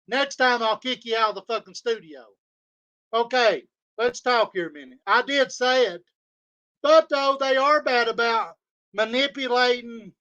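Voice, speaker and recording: A man's voice: extremely high pitch, pushed and bright, clear, resonant tone, highs cut off. A man on a livestream, ranting in a heated, profane way and repeating his insults. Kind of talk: angry livestream rant. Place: home studio.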